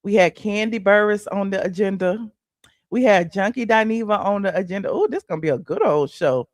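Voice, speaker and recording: Sassy lady spilling tea on her livestream, mid pitch, dry close sound, lots of honey and mm-hmm. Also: brisk, dry recording. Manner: sassy, chatty, calls the audience honey and child; laughs often and hums "mm-hmm" between points. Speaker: celebrity gossip livestream host. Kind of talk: casual gossip livestream.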